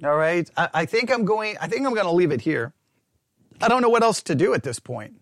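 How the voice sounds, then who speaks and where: A pastor chatting in a rambling, animated, self-mocking way while testing his lapel mic in a small closed-in room. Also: high voice, a little fast, dry recording, studio quality. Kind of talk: casual talk while testing a microphone. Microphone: wireless lapel mic with belt-clip transmitter.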